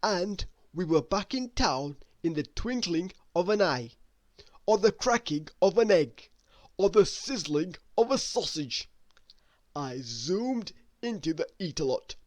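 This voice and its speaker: Slow expressive woman storyteller. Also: sits low, no echo. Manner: expressive unhurried reading. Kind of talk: bedtime story read-aloud.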